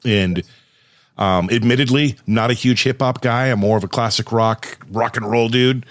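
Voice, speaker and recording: A man from Southern California, a radio host chatting in a relaxed interview. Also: mid-range voice, normal speed, dry recording, clean studio sound. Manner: relaxed, chatty, uses bro and dude. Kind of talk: casual interview chat.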